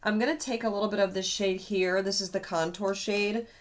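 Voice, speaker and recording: A woman's voice: medium pitch, steady tone, fairly quick. A woman beauty vlogger chatting through her makeup routine while ill and tired, rambling in a conversational way. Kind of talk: chatty get-ready-with-me.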